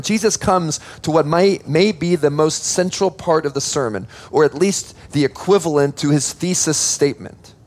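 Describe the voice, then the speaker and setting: A male pastor giving an earnest sermon, explaining scripture point by point with emphatic stresses and teaching asides. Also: a little high.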